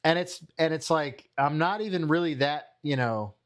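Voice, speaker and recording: A man's voice: fairly high pitch, normal speed. A man streaming, reacting to a clip with exasperated, profane ranting commentary.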